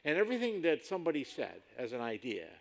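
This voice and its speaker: A pastor preaching with a gravelly, creaky edge to his voice. He is emphatic and climbs sharply in pitch on key points. He slows right down when he reads scripture aloud. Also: huge pitch swings. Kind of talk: sermon.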